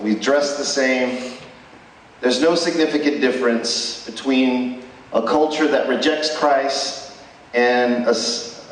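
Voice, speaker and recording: Man preaching in an echoey chapel. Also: mid-range voice. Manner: emphatic preaching with rhetorical questions. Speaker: chapel speaker. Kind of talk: sermon. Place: school chapel. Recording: echoey hall, distant mic.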